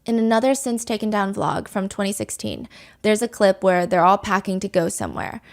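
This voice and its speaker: A woman's voice: medium pitch, sing-song, brisk, creaky. A woman hosting a podcast, telling a true crime story in a candid, conversational way. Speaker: podcast host.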